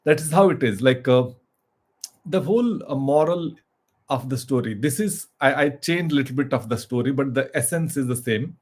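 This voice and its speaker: A man telling a motivational story informally, with frequent restarts and hesitations. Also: mid-range voice. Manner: halting, full of restarts and fillers.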